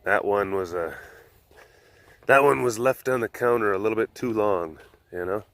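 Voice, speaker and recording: A man's voice: lowish voice, moderate pace, a bit bright, no room sound. A man vlogging outdoors at an animal facility, making playful, jokey asides to viewers and to the animals. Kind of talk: casual chat.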